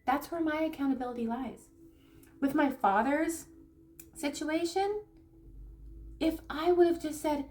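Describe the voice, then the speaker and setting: A woman spiritual coach speaking candidly to camera in a personal teaching talk, halting and repeating phrases as she reflects. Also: high voice. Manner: soft, grounding, reflective. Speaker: spiritual coach and tarot reader.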